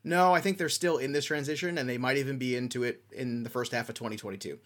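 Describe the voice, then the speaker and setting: A man co-hosting a sports betting podcast, chatting casually and getting enthusiastic and jokey about his picks. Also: mid-range voice. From American Midwest. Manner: enthusiastic, animated, quick to joke.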